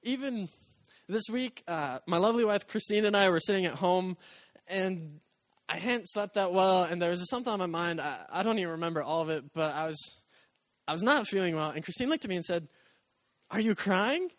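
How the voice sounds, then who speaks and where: A young male pastor with a notably high voice delivers a heartfelt, conversational sermon, slipping into the voices of the people he quotes. The sound is close and dry, with no room echo. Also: expressive, a little fast.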